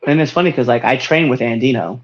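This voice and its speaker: A man's voice: mid-range voice, fast, highs cut off. A man hosting a podcast, chatting casually and laughing often as he tells wrestling stories. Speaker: podcast host.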